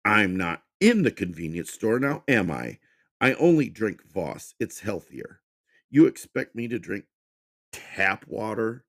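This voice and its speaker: A man's voice: on the low side, very animated, measured pace, voice pushed up, full character voice. A man voicing a rude, abusive, short-tempered young man who snaps and swears. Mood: contemptuous. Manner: snapping, shouting, swearing.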